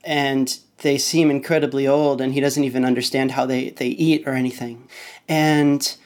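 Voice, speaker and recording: A man with a mid-pitched voice joins a podcast as a guest. He retells a story in a loose, halting way, stopping often to restart his sentences. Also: level tone. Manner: rambling and hesitant, with many restarts. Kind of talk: casual conversation, retelling a story.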